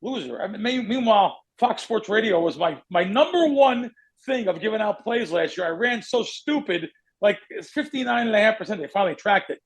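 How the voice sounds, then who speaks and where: Gravelly high-voiced man rambling on a podcast. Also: animated, brisk. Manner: rambling storyteller who curses and goes off on tangents. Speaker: podcast host, sports bettor. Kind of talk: casual podcast chat.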